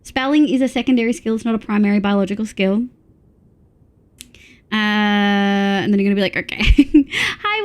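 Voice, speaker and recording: A woman's voice: sits high, animated, normal speed. A young woman chatting casually on a live stream, reading chat aloud between laughs. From Australia.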